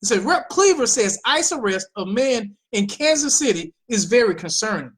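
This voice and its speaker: An American man hosting an opinion show, talking in an animated, sarcastic way full of exclamations. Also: sits high, moderate pace. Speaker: host.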